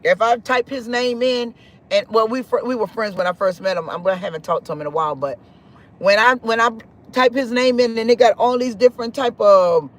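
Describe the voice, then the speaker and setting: Man, 40s, very high-pitched, emphatic spiritual livestream host with a preachy, repetitive delivery. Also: brisk, a bit bright. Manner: emphatic, preachy, repeats phrases. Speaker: live-stream host. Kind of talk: spiritual live-stream talk.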